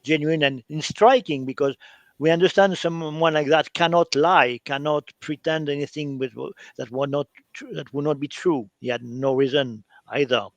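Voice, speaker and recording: A French man, speaking English as a second language with a French accent, hosting an interview in a halting way full of fillers. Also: on the high side, no room sound. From France. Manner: halting, with many fillers, hesitations and laughs. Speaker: interview host.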